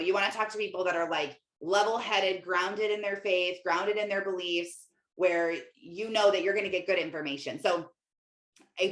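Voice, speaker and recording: A woman's voice: lowish voice, sharp tone. Chatty woman in a roomy space. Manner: chatty, rambling, many fillers and self-quotes. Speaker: podcast host and Christian life coach. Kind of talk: casual confessional monologue. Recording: roomy echo.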